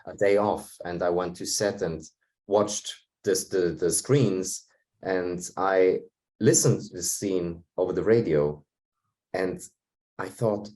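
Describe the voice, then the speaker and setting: A man's voice: low voice, slow pace, darkish tone. A young man, an actor talking with enthusiastic admiration on a video call. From Austria. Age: young adult.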